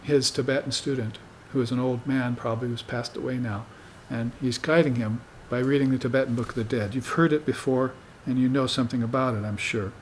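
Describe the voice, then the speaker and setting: In a dharma talk to a room of students, a male spiritual teacher speaks in a mid-pitched voice with fairly even intonation. His manner is unhurried and conversational, and he keeps checking in with "you see." A faint hiss runs beneath the recording.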